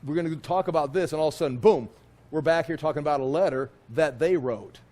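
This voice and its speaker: A man's voice: on the high side, fast talker, darkish tone. A man teaching a casual Bible class, talking in a loose, conversational way that wanders off and restarts as he retells the story with animation.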